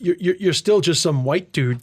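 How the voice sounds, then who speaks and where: A male stand-up comedian from Ireland, telling stories fast in casual podcast chat and swearing freely. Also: a little high, animated, a little mellow, no echo, studio quality. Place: tent.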